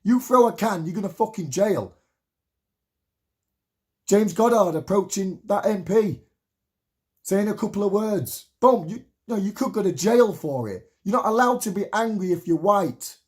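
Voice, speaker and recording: A man's voice: high-pitched, expressive, measured pace. A man in his late thirties giving a heated, swear-laden rallying monologue to camera, repeating himself for emphasis. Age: 30s. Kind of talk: impassioned spoken monologue to camera.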